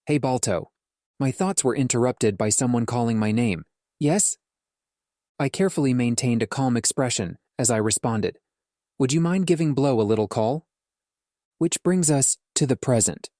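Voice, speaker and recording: A man narrates a fantasy audiobook in first person, speaking in a measured and earnest way at a mid pitch. The recording is dry, with no room sound. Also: warm tone, no room sound. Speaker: audiobook reader.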